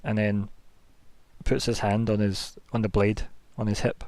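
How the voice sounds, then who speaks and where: A man's voice: fairly low pitch, level tone, unhurried, darkish tone, no echo. A young man narrating a tabletop game as game master, chatty and rambling with many fillers.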